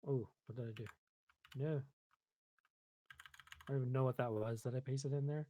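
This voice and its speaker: A man's voice: medium pitch, steady tone, moderate pace, warm tone, highs cut off, a little hiss or hum. A man hosting a coding tutorial, casually thinking aloud while he types, with lots of ums and self-deprecating asides. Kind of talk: casual screen-recorded coding walkthrough.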